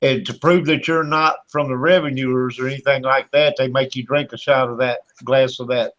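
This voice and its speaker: A man's voice: mid-range voice, fairly even intonation, moderate pace, fairly bright tone, lo-fi sound. Folksy Southern man. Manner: folksy, jokey storyteller. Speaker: co-host. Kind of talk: casual radio chat.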